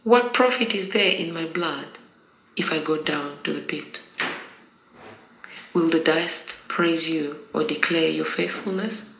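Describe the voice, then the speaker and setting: Slow, gravelly prayer leader in a roomy echo. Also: medium pitch, fairly bright tone, a little hiss or hum. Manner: slow, measured, solemn recitation. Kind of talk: reciting daily liturgical prayers.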